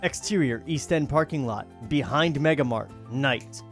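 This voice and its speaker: A man's voice: mid-range voice, normal speed, faint music behind. A man narrating stage directions in a comedic script table read, breaking off for joking asides.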